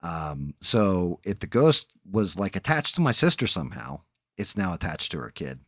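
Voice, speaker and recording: Deep-voiced New man telling stories. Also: sing-song, moderate pace, no echo, clean studio sound. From New Jersey. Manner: rambling, profane, laid-back storyteller. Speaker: streamer host. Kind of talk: casual storytelling chat.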